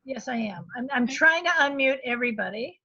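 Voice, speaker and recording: A woman chairing an online meeting, brisk and joking, on a dull video call line. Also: sits high, lively intonation, sharp tone, husky, no echo.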